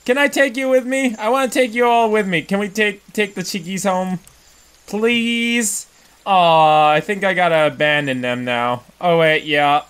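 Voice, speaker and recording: A young man giving excitable let's-play commentary, exaggerated and squealing at cute things. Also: high voice, unhurried, clear, resonant tone. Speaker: gaming YouTuber.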